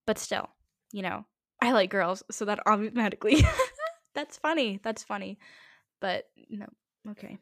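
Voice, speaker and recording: A woman's voice: medium pitch, big pitch swings, a little slow, pauses often, a bit bright, no echo, studio quality. A woman hosting her own podcast, talking in a chatty, rambling, jokey way. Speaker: podcast host. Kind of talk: casual rambling podcast monologue.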